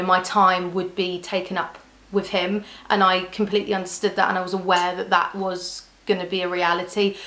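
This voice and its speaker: A young woman vlogs candidly to camera in casual chat, often restarting her sentences. Her voice is medium in pitch and fairly bright, recorded in an echoey room.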